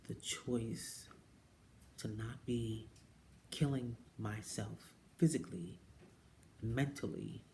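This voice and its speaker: A woman talking casually to camera, telling her own story and jumping up high when she quotes people. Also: takes it slowly, pauses often, a little hiss or hum. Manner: animated storyteller who mimics people with high-pitched quotes and drops into whispers. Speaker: direct-sales jewelry consultant. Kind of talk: casual personal vlog monologue.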